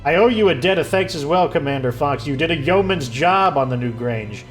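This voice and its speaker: A man reading aloud the formal, measured lines of an honorable, grieving older nobleman from a video game. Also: a little high, animated, faint music behind, close to an everyday voice.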